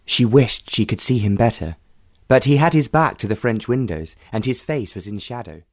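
A man's voice: mid-range voice, expressive, moderate pace, no room sound, studio quality. Man narrating an audiobook.

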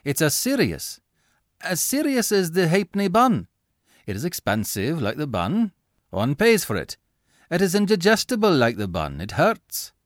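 A man's voice: mid-range voice, normal speed, dry recording, studio quality, voice pushed up. A man doing a grave, whimsical young suitor. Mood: deadpan. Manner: precise, deadpan.

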